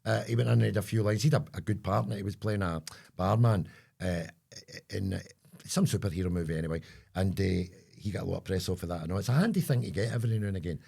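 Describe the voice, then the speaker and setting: Low-pitched and creaky, with a breathy edge and a little mellowness, this man talks quickly. He's a Scottish podcast co-host chatting casually, wandering off topic and trailing away mid-sentence as he hunts for words.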